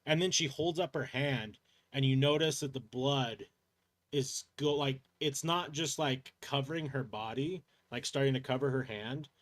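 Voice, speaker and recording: A man's voice: medium pitch, normal speed. Man narrating as game master. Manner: loose, rambling narration full of fillers. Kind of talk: narrating a tabletop role-playing game.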